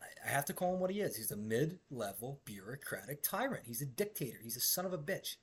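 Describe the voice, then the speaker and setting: A man hosting a podcast, telling a rowdy, profane story with brash energy and shouted quoted bits. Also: medium pitch, sing-song, fast, slightly rough. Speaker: podcast host.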